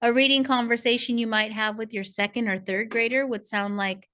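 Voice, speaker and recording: A woman's voice: fairly high pitch, steady tone, fairly quick, few pauses, sharp tone. A woman narrating a parent workshop as a reading coach, in a patient, encouraging teacher tone. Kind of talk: scripted instructional narration.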